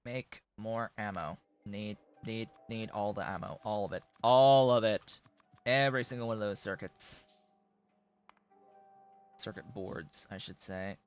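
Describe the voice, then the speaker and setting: Slow-talking rambling male game streamer. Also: fairly bright tone, clear, resonant tone, soft background music. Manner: rambling, self-correcting, coos at his cat in a high voice. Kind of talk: casual live-stream commentary. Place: home room with a green screen. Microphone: desk microphone.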